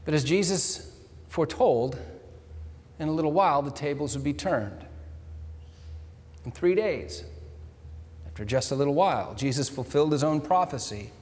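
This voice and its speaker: A man preaching a sermon in a church, his somewhat high voice carrying a long reverb from the hall. He talks in an earnest, explanatory way and works scripture quotes into the sermon. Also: expressive, normal speed, pauses often, darkish tone. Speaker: pastor.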